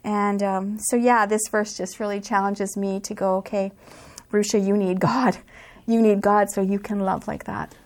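A middle-aged woman gives a reflective personal testimony as a guest. She speaks sincerely, pausing with little fillers as she gathers her thoughts. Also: medium pitch, level tone, darkish tone.

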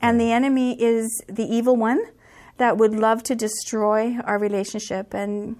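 A woman's voice: on the high side, flat delivery, normal speed, a little mellow. Woman, middle-aged, guest, reflective testimony, sincere, hesitant fillers. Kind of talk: personal testimony.

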